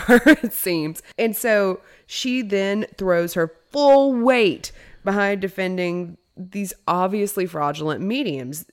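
A woman co-hosting a podcast, telling a story in casual chat, animated and laughing often with playful asides. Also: on the low side. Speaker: podcast co-host.

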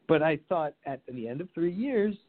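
A man in casual conversation who asks questions and calmly pushes back. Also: on the high side, normal speed. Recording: phone-like narrow sound.

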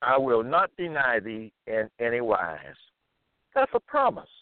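Slow, deliberate man on a tinny line. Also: medium pitch, huge pitch swings, dry recording. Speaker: monologue speaker. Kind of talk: reading scripture with commentary. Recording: tinny phone-like line, dry.

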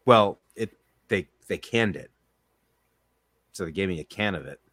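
A man hosting a casual podcast, rambling and chatty, rattling off lists at a quick clip. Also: sits low, expressive, fairly bright tone, husky, no echo. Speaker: podcast host and trivia host.

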